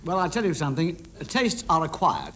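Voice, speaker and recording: Male comic, pun-loving joke teller, high and very animated delivery. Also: fairly quick. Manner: punning, gag-driven storytelling. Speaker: comedy panellist. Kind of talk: quick-fire joke telling.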